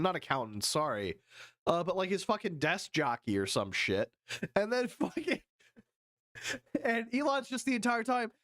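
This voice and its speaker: A man live-streaming, reading news haltingly and riffing profanely with his chat. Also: fairly high pitch, a bit bright, no room sound, studio quality. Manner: profane, reads chat aloud and riffs; reads news text haltingly with fillers.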